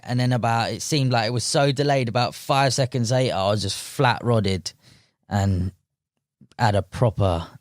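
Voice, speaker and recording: A young man with a London accent, telling a fishing story as a podcast guest in a relaxed, slangy way, full of "mate" and "like". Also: lowish voice, no echo, clean studio sound. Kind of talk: casual storytelling.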